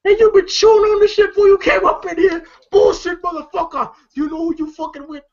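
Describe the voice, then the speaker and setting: A movie reviewer voicing an irate, foul-mouthed African man customer who yells and curses. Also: sits high, lively intonation, a little fast, muffled recording, pitched above the performer's own voice. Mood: outraged. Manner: shouting, cursing, indignant.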